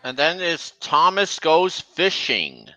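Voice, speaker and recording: A man running a casual watch-along stream, talking slowly and chattily as he points out details to his viewers. His voice sits a little high and sounds bright and clear. The sound is dry and close. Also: big pitch swings, no room sound, low-quality recording. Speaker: stream host. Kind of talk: casual commentary over video clips.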